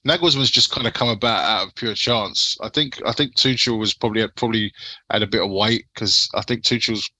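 Bright-voiced man hosting a casual podcast. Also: fairly low pitch, fairly quick, dry recording. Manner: rambling, swears casually, asks co-hosts' views. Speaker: podcast host. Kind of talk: casual football chat.

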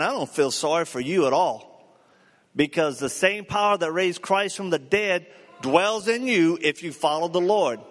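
An older man delivers a live sermon, his voice pitched a little high for a man. He tells stories with lively energy, slipping into the voices of the people in them. A long hall reverb trails behind each phrase. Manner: animated, acts out dialogue in his stories. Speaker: preacher. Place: large hall before a live audience.

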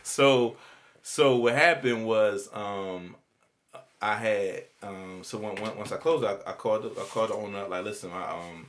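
Animated slangy male storyteller. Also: moderate pace, a little hiss or hum. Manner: animated storyteller, jumps high to act out quotes, slangy. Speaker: guest telling his story. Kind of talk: casual storytelling chat.

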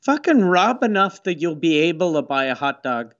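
A man's voice: fairly high pitch, big pitch swings, moderate pace, fairly bright tone, muffled recording. A man co-hosting a podcast, chatting casually and swearing freely as he tells stories. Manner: profane, storytelling with quoted asides. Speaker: podcast co-host. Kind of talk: casual chat.

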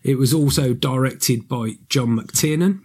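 Talking about a book and the movie made from it, this podcast co-host is casual and animated, wandering off track and catching his own mistakes. He speaks at normal speed in a mid-range voice with a slight roughness.

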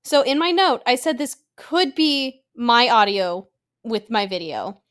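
A woman's voice: fairly high pitch, unhurried, a bit bright. A young adult woman co-hosting a podcast, reacting animatedly to a movie with jokes and frequent swearing. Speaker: podcast co-host. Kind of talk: casual movie discussion.

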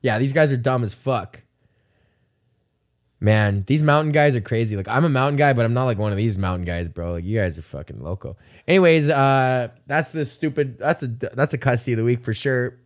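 A man's voice: mid-range voice, fairly quick. A man with a Canadian accent hosting a casual solo podcast, rambling and joking with lots of swearing and filler words. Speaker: podcast host.

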